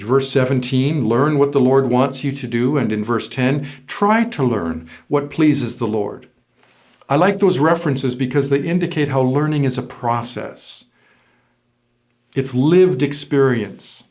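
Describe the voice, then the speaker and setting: A man of middle pitch preaching a sermon to his congregation. He speaks in a measured, deliberate way and pauses to stress key words one at a time. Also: darkish tone. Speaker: pastor.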